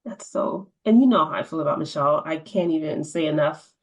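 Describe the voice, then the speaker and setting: A woman's voice: low-pitched, brisk, low-quality recording. A woman hosting a podcast interview, chatting casually with affirming, rambling phrasing. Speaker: podcast host.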